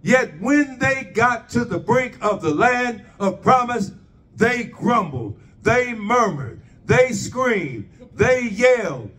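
A man's voice: very high voice, big pitch swings, slow, a bit bright, recorded from a distance. A man preaching a sermon, asking the congregation rhetorical questions and drawing their responses.

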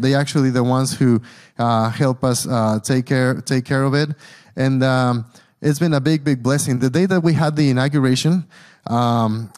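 A man's voice: mid-range voice, darkish tone. A man with a Mexican Spanish accent, a guest speaker telling a church his mission story with slides, earnest and storytelling, often restarting his sentences.

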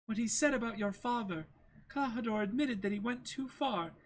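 A man voicing a frail, gentle young woman, pleading and tearful in a breathy falsetto, in a dramatic comic reading. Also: moderate pace. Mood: hurt, reproachful.

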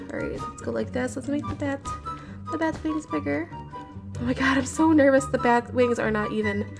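Woman, gamer, chatty, nervous, giggly, slightly high voice, clear background music. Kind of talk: live commentary while building in a game. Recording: game audio with background music.

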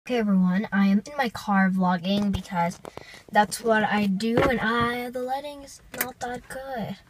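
A woman's voice: medium pitch, noisy background. A young woman vlogging from inside a parked car, talking casually, gushing and rambling, into a handheld compact camera. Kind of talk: casual vlog chat.

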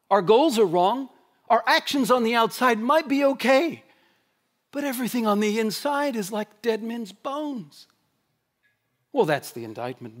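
Male pastor, sermon delivery, voice on the high side, dynamic: punchy emphasis dropping to near-whispered asides. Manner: animated preaching, rhetorical questions, swings between loud emphasis and hushed quiet. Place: church sanctuary.

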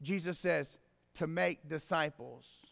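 A man preaching a sermon as pastor, swinging from quiet explaining to loud emphatic bursts. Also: fairly high pitch, slow pace, creaky. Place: church sanctuary. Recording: long reverb in a church hall.

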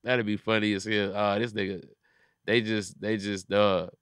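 Bright, crisp-voiced comedian riffing profanely. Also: male voice, fairly low pitch, flat delivery, moderate pace, no room sound, clean studio sound. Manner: profane riffing, acts out little scenes. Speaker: comedian podcast host. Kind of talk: casual comedic chat.

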